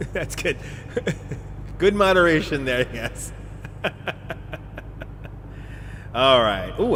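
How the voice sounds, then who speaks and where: A man's voice: mid-range voice, a bit bright. Joking man streaming over engine hum. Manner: joking, laughs often, self-mocking asides. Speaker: live streamer. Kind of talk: casual chat while playing a driving game.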